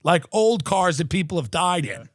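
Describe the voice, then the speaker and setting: This podcast host, a man in his thirties, rants sarcastically in mock outrage for comic effect, cursing and performing quotes. He speaks at normal speed in a high, animated voice, captured with clean studio sound and no room echo.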